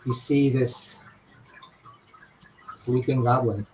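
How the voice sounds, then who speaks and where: A man running an online tabletop game as game master, talking in a relaxed, halting way with many fillers. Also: mid-range voice, low-quality recording.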